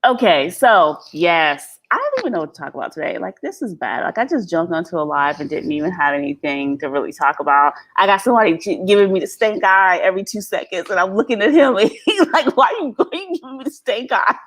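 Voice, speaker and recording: A woman's voice: fairly low pitch, big pitch swings, a little fast, fairly bright tone. A middle-aged woman chats on a live stream through a phone or webcam mic. Her voice swoops up and down as she laughs often and speaks bluntly. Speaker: vlogger hosting a live stream. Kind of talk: casual live-stream chat.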